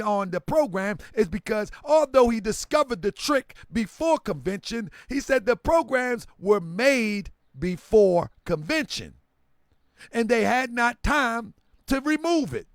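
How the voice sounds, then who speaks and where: A man giving a live-streamed lecture with an emphatic, preaching delivery that drops into quiet asides. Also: very high-pitched, no echo, clean studio sound.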